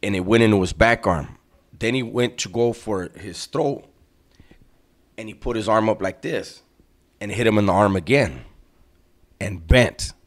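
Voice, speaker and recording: Deep-voiced man telling a prison story. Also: a little slow, pauses often. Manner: street slang, frequent throat clearing, tag questions. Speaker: storyteller recounting prison life. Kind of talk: casual storytelling.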